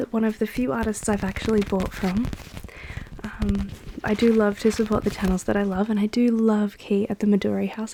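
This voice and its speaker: Soft whispering woman. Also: medium pitch. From Australia. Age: adult. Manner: whispery, unhurried, with soft laughs and fillers. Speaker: ASMR creator answering viewer questions. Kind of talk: soft-spoken ASMR Q and A.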